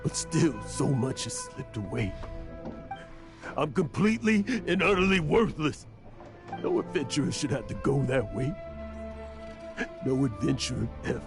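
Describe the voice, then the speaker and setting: A gravelly, weary old adventurer. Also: male voice, medium pitch, lively intonation. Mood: despairing. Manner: halting, emotional. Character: aging, remorseful male adventurer. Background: game music.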